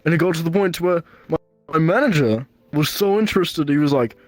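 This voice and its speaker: A man's voice: fairly high pitch, animated, a little fast, no echo, faint music behind. A young man co-hosting a podcast, telling a rambling story in casual chat and often stumbling over his words. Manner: rambling, stammers and repeats words. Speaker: podcast co-host.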